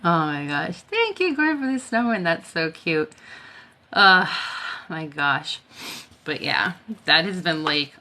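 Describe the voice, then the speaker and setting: Woman, casual live-stream chat, tired, laughs a lot, bright sharp tone. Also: lowish voice, sing-song, takes it slowly, pauses often. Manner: chatty storytelling, laughs often. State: tired, worn out. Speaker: Reiki healer hosting a live stream.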